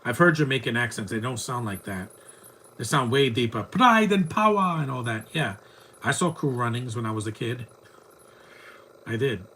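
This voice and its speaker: A man's voice: mid-range voice, normal speed, long pauses, fairly bright tone, slight background noise. Chatty man riffing on a bad movie. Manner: rambling, chatty, mocking the film. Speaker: movie commentary host. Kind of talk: casual live movie commentary.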